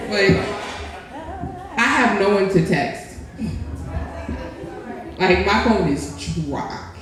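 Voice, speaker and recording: A woman's voice: mid-range voice, lively intonation, drawn-out words, pauses often. Sultry woman performing spoken word. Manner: sultry, playful, laughing asides to the crowd. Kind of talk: performance poetry at an open mic. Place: live restaurant lounge open mic. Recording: very echoey live room.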